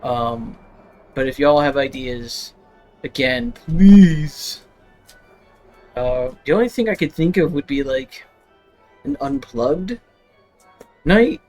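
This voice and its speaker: A man's voice: mid-range voice, animated, slow pace, pauses often, darkish tone, soft background music. A young man hosting a live stream, chatting casually with lots of fillers and frequent laughter. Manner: rambling, laughing often, full of fillers. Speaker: livestream host.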